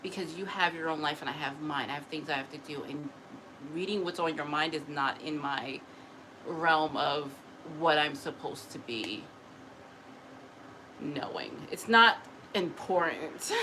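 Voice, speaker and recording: A woman's voice: low voice, normal speed, low-quality recording. Tired chatty woman talking to camera, laughs a lot, mimics people, bit of hiss behind her. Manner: chatty, animated, laughs often, acts out other people. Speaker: spiritual messenger. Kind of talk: casual talk to camera.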